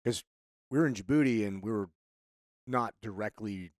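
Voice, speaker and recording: Low-voiced, casual podcast host man. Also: moderate pace, no room sound, studio quality. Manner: relaxed, profane conversational questioning. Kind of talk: casual interview chat.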